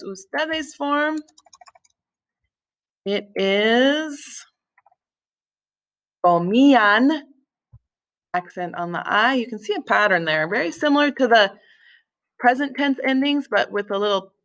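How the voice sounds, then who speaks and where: Casting note: woman, teacher voice, unhurried and patient, mid-pitched, casual filler words. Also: animated, a bit bright. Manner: patient, explanatory, with small slips and fillers. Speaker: Spanish teacher. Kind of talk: recorded screen-share lesson.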